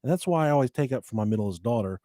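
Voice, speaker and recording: A man in his thirties, co-hosting a podcast, telling stories in a lively, profane way. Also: mid-range voice, very fast, no room sound, studio quality. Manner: animated, profane, acts out voices in stories. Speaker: podcast co-host. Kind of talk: casual storytelling chat.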